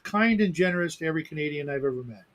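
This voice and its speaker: High, rapid-fire male voice; crude, blunt podcast guest. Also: animated, a crowd in the background. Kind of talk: casual podcast banter.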